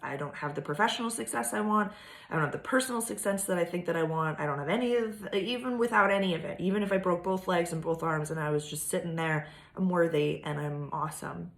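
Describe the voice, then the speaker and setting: Speaking fast in a fairly low voice, this woman delivers a loose, rambling astrology vlog as a casual monologue. The room echoes, and her talk is peppered with fillers and curse words.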